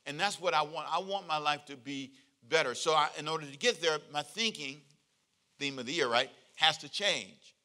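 A male pastor speaks at a moderate pace in a slightly high voice, giving a conversational sermon. He is animated and playful, drawing the congregation into call-and-response.

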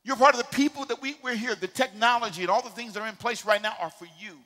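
Middle-aged male pastor with a high, very bright voice; emphatic call-and-response sermon. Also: fast, long reverb tail. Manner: emphatic call-and-response preaching, swings from quiet asides to shouting. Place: church sanctuary.

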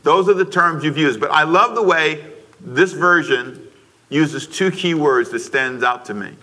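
A man's voice: a little high, unhurried, sharp tone. A man pastor delivering a sermon, preaching emphatically with repetition and calling on listeners to repeat after him. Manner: emphatic preaching with repetition and call-and-response prompts.

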